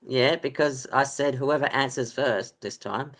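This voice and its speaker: Aussie guy hosting a footy quiz chat, lots of ums, rambles on, mid pitch. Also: measured pace, fairly bright tone. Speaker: podcast host running a quiz. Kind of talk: casual chat.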